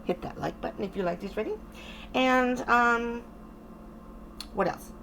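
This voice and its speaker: A woman's voice: fairly high pitch, measured pace, vocal fry, fairly bright tone, slight background noise. A middle-aged woman doing a casual tarot reading to camera, chatty and reassuring, often interrupting herself. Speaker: tarot reader.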